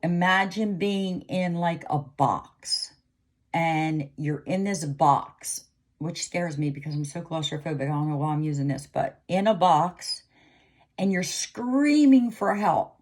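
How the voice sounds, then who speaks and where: A woman's voice: fairly low pitch, gravelly, darkish tone. A middle-aged woman giving an emotional intuitive reading to camera, pleading and repeating herself. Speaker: psychic reader.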